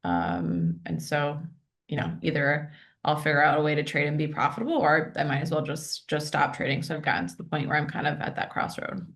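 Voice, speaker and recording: A woman's voice: deep voice, lively intonation, a little fast, fairly bright tone. A woman playing a prospect in a sales role-play, answering in a plain, matter-of-fact way. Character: woman prospect who lost money trading.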